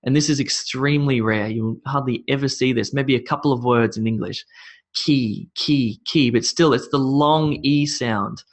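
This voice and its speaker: A man's voice: medium pitch, steady tone. A man teaching English pronunciation, saying each vowel sound and example word several times over in a patient, instructive drill. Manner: repeats sounds and words slowly in sets, instructive.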